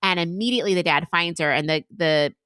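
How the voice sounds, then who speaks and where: A tipsy woman co-hosting a book podcast, rambling through a plot recap with animated asides. Her voice is bright and forward. The sound is close and dry. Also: lowish voice, fast, clear, resonant tone, no room sound. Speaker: book club podcast co-host. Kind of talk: casual chat.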